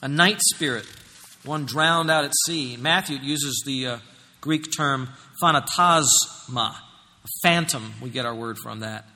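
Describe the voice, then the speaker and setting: Pastor guy preaching, bright ringing voice, big swings loud to soft, long hall echo. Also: medium pitch, unhurried. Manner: preaching with sweeping swings between loud and quiet. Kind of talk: sermon.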